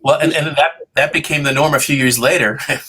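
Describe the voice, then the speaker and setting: A man in his fifties, a TV journalist guest, telling animated stories and acting out his past thoughts. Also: a little high, quick pace, husky. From Boston area. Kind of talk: storytelling in interview.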